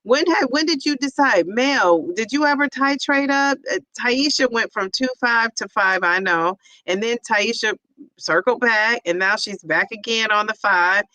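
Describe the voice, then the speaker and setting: Bright, chatty woman hosting a livestream. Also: a little high, dry recording, rough recording. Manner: chatty, laughs often, drawn-out sing-song repeats of names. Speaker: livestream host and teacher. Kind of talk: casual livestream chat reading viewer comments.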